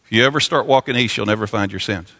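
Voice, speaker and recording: Pastor, male, bright forceful preaching voice, repeats lines and builds in fervor; long church reverb. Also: lowish voice, fast, creaky. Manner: preaching with swelling intensity, repeating phrases. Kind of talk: sermon. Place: church sanctuary.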